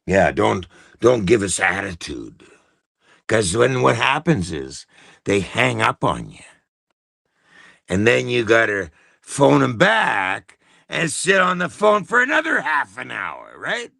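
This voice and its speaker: A man's voice: medium pitch, sing-song, slow, vocal fry, pushed and bright, no room sound, clean studio sound. A Canadian man hosting a live broadcast, delivering a heated, profane rant. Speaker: livestream host. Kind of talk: angry ranting monologue.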